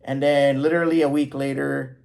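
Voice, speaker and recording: A man's voice: medium pitch, flat delivery, a little fast, creaky, darkish tone. A man in his twenties telling a personal story in a loose, rambling, self-interrupting way. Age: 20s. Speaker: vlogger. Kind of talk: casual storytelling to camera.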